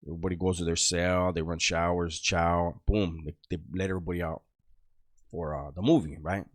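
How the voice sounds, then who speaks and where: A middle-aged man with a very low voice tells a story from his past, loose and rambling, full of street slang and swearing. The sound is dry and close, with no room around it. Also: steady tone, fairly quick, no room sound. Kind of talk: casual storytelling.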